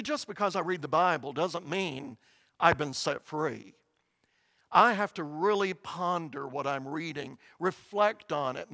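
Bright, high-voiced male preacher. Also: no room sound. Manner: earnest, emphatic, voice rising on quoted lines. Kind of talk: sermon.

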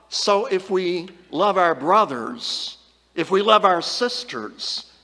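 A high-pitched male preacher delivering a Bible lesson, earnest and emphatic, pressing hard on the key words of the verses. His voice hangs in a long, trailing reverb. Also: pushed and bright. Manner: earnest, emphatic, reads scripture aloud with rising stress.

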